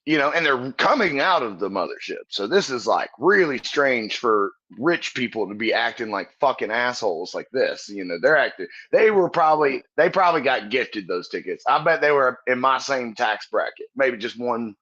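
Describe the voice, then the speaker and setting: A man's voice: medium pitch, lively intonation, normal speed, few pauses, bright, forceful tone. A man, a comedian guest on a podcast, tells stories casually, sincere one moment and cussing the next, often breaking into laughter. His voice sits in a middle register and sounds a little dull and muffled. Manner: profane, earnest, laughs while telling stories. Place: Texas.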